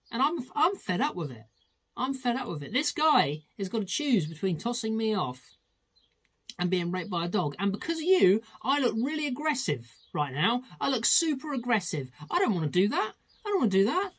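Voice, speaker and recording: A man's voice: sits high, voice pushed up. Man doing a ranting, fed-up male tiger. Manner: ranting, shouting complaints in repeated phrases. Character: fed-up macho male tiger, bitter and aggrieved.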